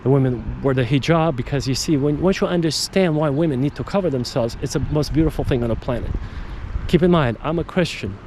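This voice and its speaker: A man's voice: medium pitch, a little fast, a little mellow, a little hiss or hum. A man hosting a podcast, talking in a casual, digressive monologue that repeats words and restarts sentences. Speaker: podcast host.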